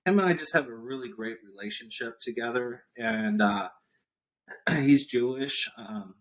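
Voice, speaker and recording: A man with a medium-pitched voice and vocal fry guests on a podcast as an entrepreneur. He tells a business story in an interview chat, animatedly acting out what others said.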